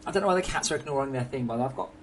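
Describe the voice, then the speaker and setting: A man's voice: medium pitch, rapid-fire, slight background noise. A young English man chatting casually while streaming a game at home, joking and swearing freely. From England. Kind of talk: casual live-stream chat.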